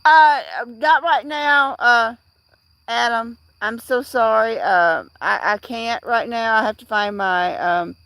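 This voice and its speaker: Slow, halting middle-aged woman livestreamer. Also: on the high side, vocal fry, bright, forceful tone, no room sound. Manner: rambling, halting, with many fillers and restarts; replies to chat viewers by name. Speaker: livestream host. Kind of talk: casual livestream chat.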